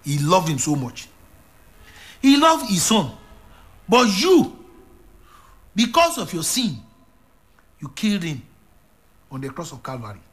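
Man, sermon, high-pitched, very animated delivery, emphatic repetition. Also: a little slow, long pauses. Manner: emphatic, repetitive preaching with swings from loud to hushed. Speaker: preacher.

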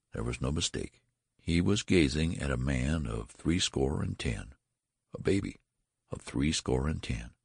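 Very deep, gravelly male narrator. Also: no room sound, clean studio sound. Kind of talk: audiobook narration.

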